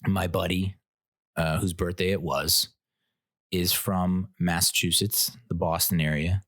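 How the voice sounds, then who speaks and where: A man's voice: low voice, fairly even intonation, unhurried, a bit bright, no room sound, studio quality. A man hosting his own podcast, telling a rambling, self-mocking story and laughing at his own jokes. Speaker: podcast host. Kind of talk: casual solo podcast storytelling.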